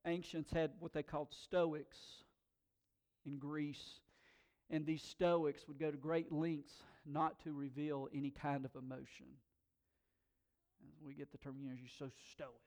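A man's voice: on the high side, darkish tone, clear, resonant tone. A middle-aged man preaching a sermon as a pastor, conversational and emphatic, often repeating words as he goes.

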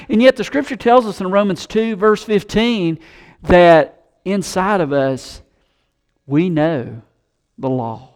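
A man preaching a sermon, animated, who acts out the voices of scoffers he quotes. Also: high-pitched, measured pace, clean tone. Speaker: pastor.

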